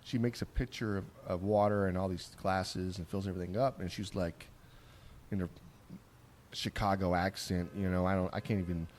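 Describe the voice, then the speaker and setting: Rambling podcast host, low-pitched. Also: male voice, fairly even intonation, normal speed, darkish tone, a little hiss or hum. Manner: rambling storyteller, rough-spoken with restarts. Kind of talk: casual chat. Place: on location at a barbecue trade conference.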